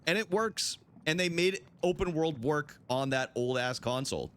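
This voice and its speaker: A man's voice: fairly high pitch, normal speed, a bit bright, smooth. A young man chatting casually with his live-stream chat while playing, swearing freely.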